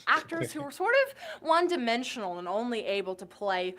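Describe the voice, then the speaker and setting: A woman's voice: fairly high pitch, sing-song, fairly quick, a bit bright. A woman in a played video giving earnest acting tips as a tutorial. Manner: earnest and instructive. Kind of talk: tutorial talk to camera.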